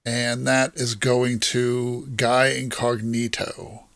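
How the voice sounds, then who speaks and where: A man with a mid-range voice in a dry, close-sounding setup, co-hosting a relaxed chat about movies. He talks in an easygoing way and drops casual swears. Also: mid-range voice, takes it slowly, dry recording. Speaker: podcast co-host. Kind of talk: casual chat, scoring trailers.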